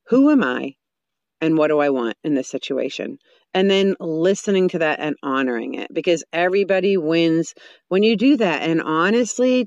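A woman speaking in a casual advice monologue about parenting, animated and often restarting her sentences. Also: lowish voice, no room sound. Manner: animated, acts out parents and children in quick voices; frequent restarts and fillers.

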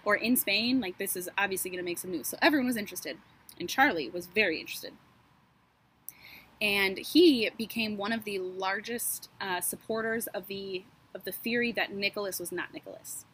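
A woman's voice: mid-range voice, normal speed, fairly bright tone, slight background noise. A woman co-hosting a podcast, recounting a true-crime case in a chatty, sarcastic way with lots of asides and fillers. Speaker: podcast co-host. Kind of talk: casual true-crime storytelling.

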